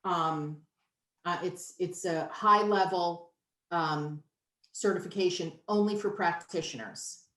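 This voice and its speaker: A woman's voice: fairly low pitch, slow pace, a bit bright. A woman in her fifties, a nutritionist guest, talking candidly and emphatically in a casual interview. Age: 50s. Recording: roomy echo.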